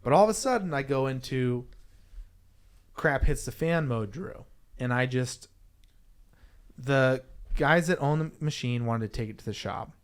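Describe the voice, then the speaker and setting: A young adult man, a podcast guest, tells a story casually in an animated, rambling way, restarting and correcting himself. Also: medium pitch, unhurried, long pauses, clear, resonant tone.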